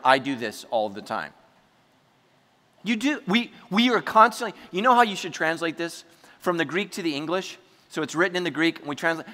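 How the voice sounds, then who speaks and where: A man preaching a sermon to his congregation, chatty and joking, acting out quick asides as he goes. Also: fairly high pitch, fairly bright tone. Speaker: pastor. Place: church hall before a congregation. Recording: large hall with long reverb.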